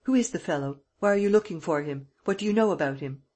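A reader voicing a cunning gentleman thief who presses a bound prisoner in a harsh, insistent way, in an audiobook. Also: mid-range voice, lively intonation, quick pace, close to an everyday voice.

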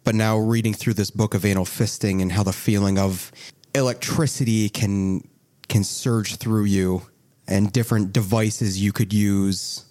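A low-voiced man running a tabletop game as game master. He narrates in a joking, rambling way, restarting his sentences often. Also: steady tone, measured pace, mellow.

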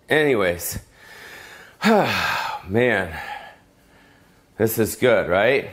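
Casting: a loose, foul-mouthed male comic, rambling rant, mid-pitched. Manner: rambling, profane, repetitive. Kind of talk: profane comedic rant. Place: Las Vegas.

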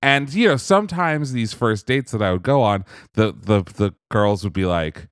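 A young man co-hosting a podcast, telling a long story in a casual, animated, self-amused way. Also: lowish voice, moderate pace, no room sound, studio quality. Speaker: podcast co-host. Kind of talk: casual chat.

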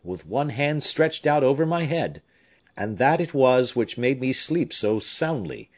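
A man's voice: medium pitch, very animated, unhurried, pitched above the performer's own voice. A man voicing a devoted young nobleman who speaks fervently and with emotion. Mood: tender.

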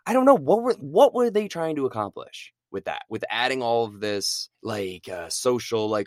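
Podcast cohost guy, super lively pitch, sarcastic, dry close sound. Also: moderate pace, hardly any pauses, no room sound. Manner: animated, sarcastic, acts out voices. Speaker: podcast co-host. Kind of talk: casual chat.

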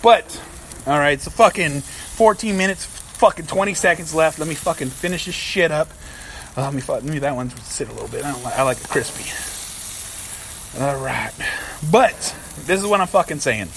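Podcast host, male, high-pitched, profane ranter, faint room noise. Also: expressive, moderate pace, vocal fry, fairly bright tone. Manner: profane, ranting, heavy swearing. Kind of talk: casual podcast rant.

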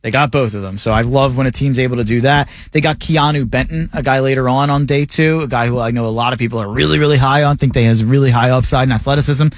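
A man co-hosting a sports radio show, talking casually and enthusiastically, his pitch jumping up when he gets excited. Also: fast talker, few pauses, no echo. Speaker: co-host, draft analyst. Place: radio studio.

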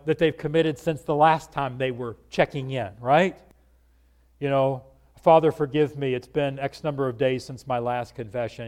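A man preaching a conversational sermon, earnest and animated, often asking his listeners rhetorical questions. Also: fairly high pitch.

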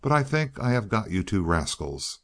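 A man's voice: on the low side, big pitch swings, moderate pace. A man voicing a grumbling, blustering peasant man in a storybook reading, with a demanding manner. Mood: gruff.

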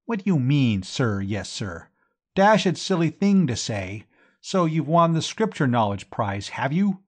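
A man reading an audiobook, voicing a tipsy, pompous young upper-class man who blusters and climbs into high indignation. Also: sing-song, unhurried, darkish tone, slightly rough. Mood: blustering.

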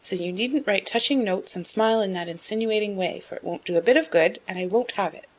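A woman reading a spirited, frank, headstrong young woman in an audiobook, in a brisk, emphatic way. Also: mid-range voice, natural voice. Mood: wry. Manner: brisk, emphatic, rising to excited outbursts.

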